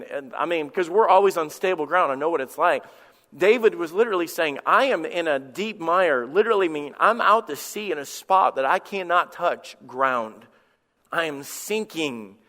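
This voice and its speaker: Pastor preaching in a reverberant church. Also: male voice, a little high, a bit bright. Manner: conversational preaching with repetitions and personal stories. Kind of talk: sermon. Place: church sanctuary. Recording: long church hall reverb.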